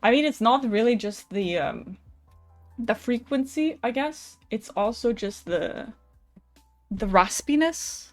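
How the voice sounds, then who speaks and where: A young woman hosts a live stream and chats loosely with her viewers, greeting them and telling stories between card readings. She laughs easily and drops casual swears. Soft music plays faintly behind her. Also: a little high, animated, slow, pauses often.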